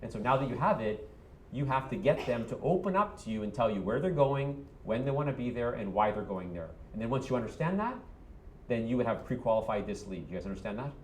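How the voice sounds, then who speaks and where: A man's voice: mid-range voice, animated, fast talker, echoey room, slight background noise. A man coaching a room of real estate agents, punchy and quizzing them with "yes or no?".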